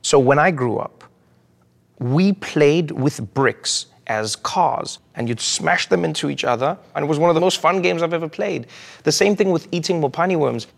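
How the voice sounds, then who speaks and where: A man, answering interview questions, an animated storyteller. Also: fairly high pitch, normal speed, creaky. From South Africa. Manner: animated storyteller who acts out quotes. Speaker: interview guest. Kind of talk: reflective interview answers with humor.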